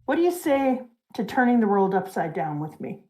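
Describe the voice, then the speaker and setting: A man's voice: sits high, big pitch swings, moderate pace, warm tone. A woman reading out the lines of a brash young male pirate captain from a comic. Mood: bold.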